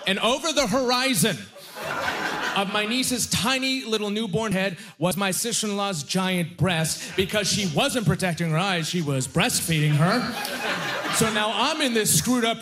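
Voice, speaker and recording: A man's voice: high voice, moderate pace. A young man doing a stand-up comedy set on a club stage, telling self-deprecating stories in a conversational way.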